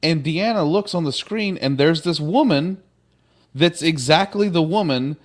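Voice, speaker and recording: A man's voice: a little high, measured pace. A man casually recapping a TV episode on a podcast, acting out lines with playful voices. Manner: animated retelling with playful put-on voices. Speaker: podcast co-host.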